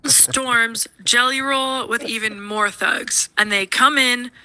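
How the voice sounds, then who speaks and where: A woman recounts a scary personal experience, talking fast and snarkily with lots of "like"s. Her voice sits a little high and sounds very bright and sharp. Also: fairly even intonation. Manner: fast, breathless retelling full of "like"s; snarky, shaken. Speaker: storyteller in a played video. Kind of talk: personal storytelling.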